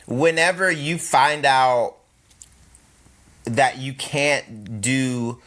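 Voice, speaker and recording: A man, a comedian guest, chatting casually on a podcast in a playful, animated way, slipping into mock voices. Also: medium pitch, very slow.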